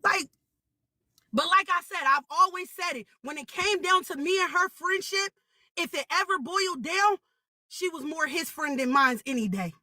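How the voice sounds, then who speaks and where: A young woman pours out her anger on a live stream in a very high, bright, piercing voice. Her talk is heated and full of curses, and she drives each point home by repeating it. The sound is close and dry. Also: lively intonation, moderate pace, dry recording. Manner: heated, repetitive, profane, shouting at times. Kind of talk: angry venting on a live stream.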